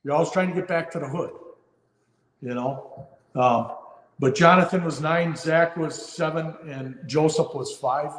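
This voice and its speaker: A man's voice: on the high side, a little slow. Man in his fifties, echoey room. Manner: earnest, heartfelt storytelling with frequent fillers and restarts. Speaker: firefighter guest. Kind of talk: podcast interview storytelling. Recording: roomy with long reverb.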